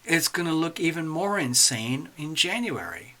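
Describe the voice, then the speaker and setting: A man's voice: fairly high pitch, very animated, moderate pace, hardly any pauses, sharp tone. A man hosting a casual astrology livestream, chatting animatedly to viewers while drawing charts.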